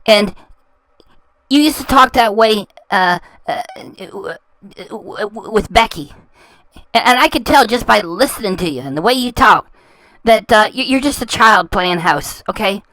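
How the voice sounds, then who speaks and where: A woman's voice: mid-range voice, lively intonation, measured pace, fairly bright tone, no echo, low-quality recording. A woman hosting a reaction channel, talking over clips in a scornful, insulting way and often stumbling and repeating words. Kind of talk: mocking commentary over clips.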